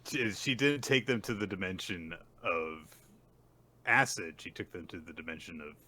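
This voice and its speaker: Male podcast co-host, low voice, sharp bright tone, rambling casual delivery. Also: moderate pace. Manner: rambling, many fillers, laughs at jokes. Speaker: co-host of a manga recap podcast.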